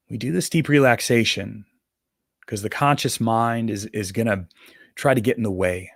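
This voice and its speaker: A man leading a guided meditation, talking slowly and calmly with soothing instructions and pauses. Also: on the low side, creaky, dry recording, studio quality.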